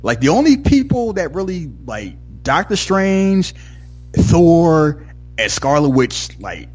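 Over soft background music, a man with a fairly high, widely swinging, slightly rough voice talks slowly and enthusiastically about a film he watched. It's a casual, rambling movie discussion full of "like" and "you know," and he sometimes acts out the lines.

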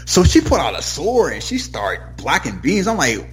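A man's voice: fairly high pitch, moderate pace, soft background music. A man casually recapping a TV episode with a co-host, acting out characters' lines as he goes. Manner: animated, acts out characters' lines mid-story. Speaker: podcast co-host.

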